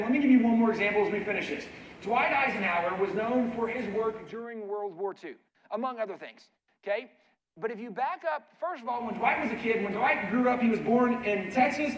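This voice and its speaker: A man with a very high voice preaches as a guest speaker in a church. He tells his story in a relaxed, chatty way and keeps checking in with the listeners with asides. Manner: casual, chatty, uses "like" and "right?" asides. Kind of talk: conversational sermon storytelling.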